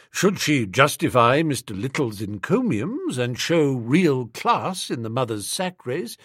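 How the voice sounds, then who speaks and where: A man voicing a dignified valet who speaks in a measured, formal, polite manner. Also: fairly high pitch, fairly bright tone, dry recording, studio quality, heavily acted. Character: deferential, composed male valet, dignified.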